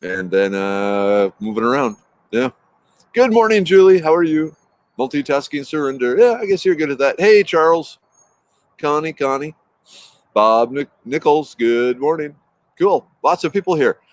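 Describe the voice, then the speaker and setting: A man's voice: a little high, lively intonation, moderate pace, dry recording. A man hosting a casual morning livestream from his backyard, greeting viewers by name in an upbeat, rambling way. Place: outdoors in a backyard. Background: traffic noise.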